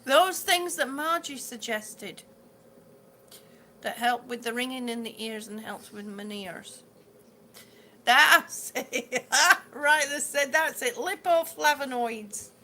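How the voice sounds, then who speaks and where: A woman's voice: sits high, takes it slowly, sharp tone, slight background noise. A middle-aged woman hosting a live stream, chatting casually with viewers, repeating herself and stumbling over words with good humor. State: ringing in the ears, yawning, hungry. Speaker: livestream host reading viewer comments.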